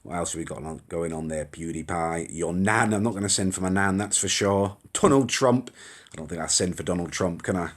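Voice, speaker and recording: A young man with a low voice hosts a casual live stream at a fairly quick pace, chatty and rambling, reading out viewer comments and reacting as they scroll by, with some mild swearing. It sounds like a phone or webcam stream.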